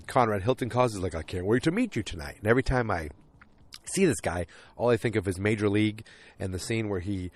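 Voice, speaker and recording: A man hosting a podcast, casually recapping a TV episode and acting out characters' lines in quick put-on voices. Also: on the low side. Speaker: podcast host.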